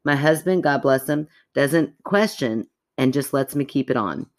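A woman co-hosting a podcast, reading a listener's story aloud in an animated, chatty way and breaking off to react. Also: extremely low pitch, a little slow. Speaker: podcast co-host.

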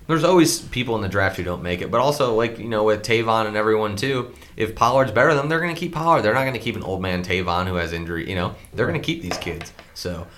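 A man's voice: fairly low pitch, lively intonation, fast talker, hardly any pauses, fairly bright tone. A man co-hosting a podcast, rambling and joking through a casual sports chat. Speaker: podcast co-host.

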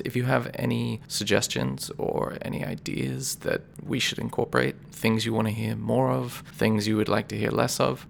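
A man narrating a tabletop game as game master, relaxed and chatty, often laughing. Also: on the low side, gravelly, slight background noise.

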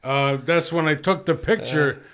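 A man with a bright, slightly high voice tells a crude story on a comedy podcast. He swears freely and gets animated as he goes. It is casual chat between friends. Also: measured pace. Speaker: podcast co-host.

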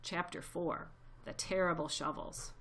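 A woman narrating a children's storybook aloud, gently expressive. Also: on the low side, unhurried.

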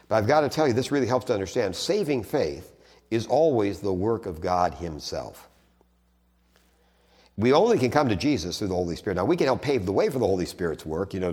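Lowish man teaching theology in a reverberant hall. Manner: conversational, repeats and restarts phrases, animated emphasis. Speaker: theology lecturer.

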